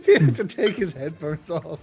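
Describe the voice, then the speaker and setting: A man playing in an online tabletop game, throwing in quick quips and giggling. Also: a little high, creaky, a little mellow, slightly rough. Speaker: player. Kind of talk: casual tabletop game banter.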